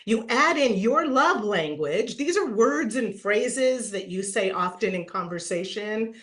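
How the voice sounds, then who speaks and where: A middle-aged woman giving a playful, animated webinar talk on branding, acting out quoted voices and laughing often. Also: medium pitch, unhurried. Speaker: branding speaker at an online summit. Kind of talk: lively webinar presentation.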